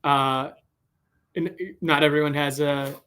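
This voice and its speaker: A young man from Boston, a podcast guest talking casually, earnest and halting with many "uh"s. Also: on the high side, flat delivery, pushed and bright, clear, resonant tone.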